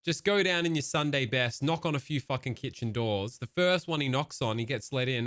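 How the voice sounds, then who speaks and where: A man giving casual, profane reaction commentary as a streamer, given to animated rants. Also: mid-range voice, brisk, few pauses, no room sound, clean studio sound.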